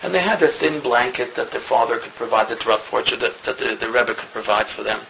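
A man's voice: mid-range voice, animated, fairly quick, gravelly, dull audio. Man, rabbi's religious lecture, earnest and emphatic, noisy background. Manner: earnest storyteller, grows louder and more emphatic. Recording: noisy recording with clicks.

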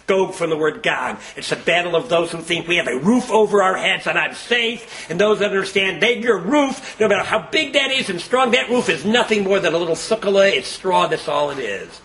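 A man giving a fast, lively sermon-style talk and acting out the people in his stories. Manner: acts out characters with big swings in pitch and loudness; fast-talking. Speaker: religious speaker.

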